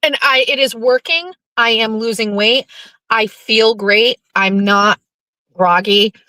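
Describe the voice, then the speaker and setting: A woman's voice: fairly high pitch, takes it slowly, sharp tone, no room sound. Chatty, swearing New woman host. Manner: chatty, rambling, swears freely. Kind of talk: casual chat reading viewer comments.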